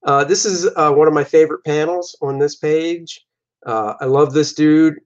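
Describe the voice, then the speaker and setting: A man's voice: fairly high pitch, moderate pace. A man, a comic artist and host, casually talking through his own artwork in a loose, jokey, rambling way. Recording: dull lo-fi recording.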